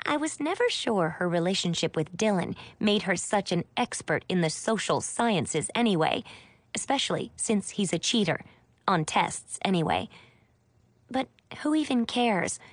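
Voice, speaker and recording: A woman's voice: mid-range voice, very animated, normal speed, no room sound. A woman reading a first-person audiobook in a chatty, wry storytelling manner. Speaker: audiobook narrator.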